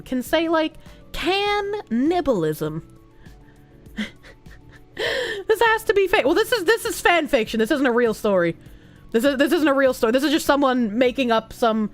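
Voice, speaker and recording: A young woman streamer reads chat aloud, thanks donors and laughs easily. Her voice sits high and swings widely in pitch. Soft music plays faintly behind her. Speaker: livestreamer. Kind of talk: live stream chat reading.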